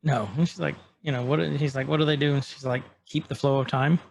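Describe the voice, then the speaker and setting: A man's voice: a little high, brisk, creaky. A man co-hosting a podcast, casually recapping a show and acting out its lines as he goes. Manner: animated, acts out scene quotes in passing. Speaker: podcast co-host.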